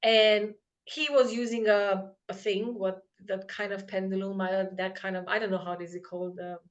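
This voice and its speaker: A woman in casual conversation, telling a personal story with lots of fillers and animated quoted voices. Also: mid-range voice, moderate pace, highs cut off. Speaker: podcast host.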